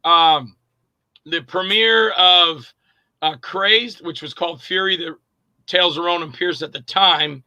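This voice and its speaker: A middle-aged man, an actor and director, telling anecdotes in a casual interview, animated and acting out quoted voices. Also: on the high side, unhurried, no echo, highs cut off.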